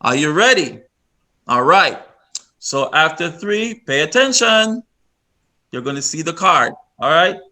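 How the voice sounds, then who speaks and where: A man's voice: on the high side, big pitch swings, measured pace, pauses often, bright, forceful tone. A man presenting a virtual workshop to parents over a video call, instructive and repeating himself with many restarts.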